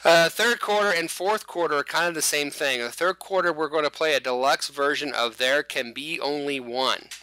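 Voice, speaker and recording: Bright-voiced man hosting a fan show. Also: mid-range voice, clean tone, no room sound. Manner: rambling, jokey, self-correcting. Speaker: host. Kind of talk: casual podcast chat.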